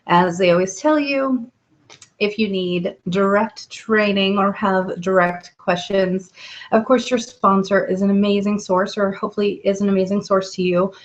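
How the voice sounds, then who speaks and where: Using her laptop webcam mic, a woman runs a weekly nighttime live video hangout from home, chatting in an upbeat way full of ums. She speaks at moderate pace with medium pitch and fairly even intonation, and the sound is lo-fi.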